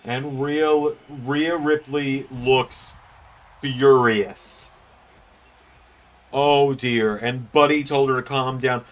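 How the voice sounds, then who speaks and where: A man commentates a wrestling video game series as its host. His play-by-play is excitable and chatty, full of asides and jokes. His voice sits at an average mid pitch. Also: extremely slow.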